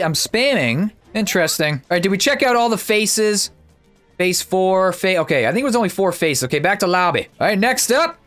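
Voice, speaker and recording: A man giving casual, excitable commentary while playing a video game, chatty and quick to exclaim, speaking into a desk mic at his computer. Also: high-pitched. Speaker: gaming YouTuber.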